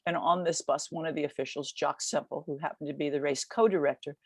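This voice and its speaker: An older woman in her seventies tells a story with energy, tumbling through quick restarts. Her voice sits fairly low and sounds close and dry, with no room around it. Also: slightly rough, no room sound. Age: 70s. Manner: vivid, lively retelling with quick restarts. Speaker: guest recounting a race. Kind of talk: storytelling in a podcast interview.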